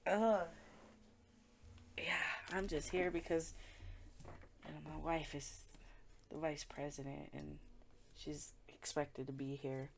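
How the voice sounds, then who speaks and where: A woman's voice: sits low, little pitch movement, slow pace, vocal fry, long pauses, a little hiss or hum. A woman giving a casual tarot reading, talking bluntly and with plenty of swearing and filler words. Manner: chatty, blunt and profane, with frequent filler words. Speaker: tarot reader.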